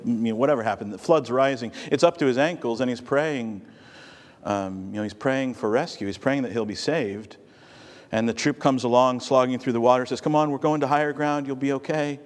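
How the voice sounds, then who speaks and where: Conversational man preaching in a reverberant hall. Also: mid-range voice. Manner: conversational, storytelling. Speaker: pastor. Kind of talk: sermon.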